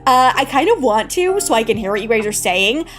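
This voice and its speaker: Bubbly high-voiced woman streamer. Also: very animated, fairly quick. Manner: bubbly, giggly, greets chat warmly. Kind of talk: casual live-stream chat. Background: faint background music.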